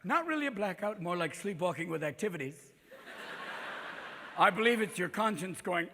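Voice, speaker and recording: A sing-song, bright, forceful voice at a fairly high pitch belongs to a fifties-aged comic performing manic, rapid-fire stand-up and jumping into voices. The live theater recording has long reverb and slight background noise.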